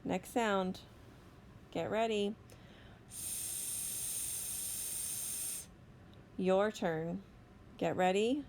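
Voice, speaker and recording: A woman teacher giving a slow, deliberate phonics lesson to young children, stretching out each sound. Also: mid-range voice, a little mellow, slight background noise. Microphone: recorded voice-over for a whiteboard lesson video.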